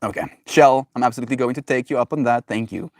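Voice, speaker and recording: A man streaming from home chats loosely with his viewers and drifts between thoughts with plenty of fillers and laughs. His voice sits at an ordinary middle pitch. The sound is dry and close, with no room echo. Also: quick pace. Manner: rambling, many fillers, frequent laughter. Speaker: live streamer. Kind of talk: casual chat with viewers. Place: at home with pets.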